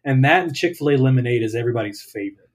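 A young man talks easily as a guest on an interview show, his voice sitting in an ordinary middle pitch. He tells his anecdotes in a loose, relaxed way and laughs along with them. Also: rapid-fire, slightly rough. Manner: relaxed storyteller, laughs while telling anecdotes. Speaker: guest, dietitian. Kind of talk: casual interview chat.

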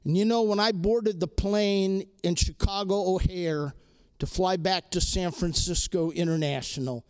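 A man with a high, smooth voice speaks at a measured pace to a live audience. His inspirational talk centers on a personal story, driven home with emphatic repetition.

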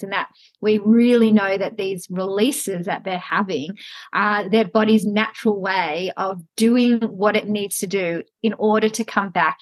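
A woman's voice: medium pitch, no room sound. A woman guest in a casual podcast conversation, speaking thoughtfully and hesitantly, with many "you know"s.

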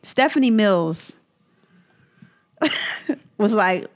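A woman's voice: mid-range voice, lively intonation, extremely slow. A woman hosting a podcast in casual chat, telling stories in a dry, wry way. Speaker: podcast host.

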